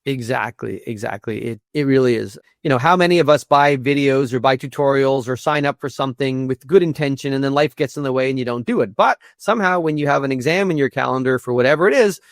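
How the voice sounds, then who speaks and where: Earnest guy in an interview, kinda gravelly, repeats himself a lot, dry close sound. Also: mid-range voice, quick pace, hardly any pauses, dry recording. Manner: earnest, repeats words while thinking. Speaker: guest, institute executive director. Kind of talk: conversational interview.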